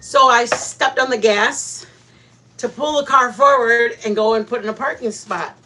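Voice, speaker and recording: A woman hosting a live stream, chatting casually with viewers and telling animated stories, often laughing. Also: a little high, a little slow.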